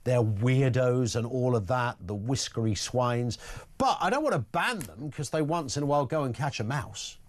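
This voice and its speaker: A man hosting a talk radio show, with a blunt, wry and chatty delivery. He talks in an opinionated phone-in style and drops quick asides as he goes. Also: mid-range voice, expressive.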